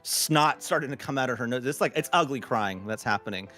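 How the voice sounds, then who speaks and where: A man's voice: mid-range voice, lively intonation, fairly quick, bright, forceful tone, faint music behind. A man narrating a tabletop game as game master, loose and chatty with lots of fillers. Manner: laughing, loose storytelling with many fillers.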